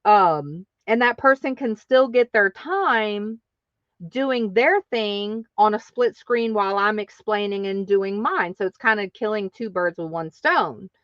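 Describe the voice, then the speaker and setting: A woman's voice: mid-range voice, measured pace, no room sound, dull audio. A woman hosting her craft channel, telling a story casually and acting out other people's lines in exaggerated voices.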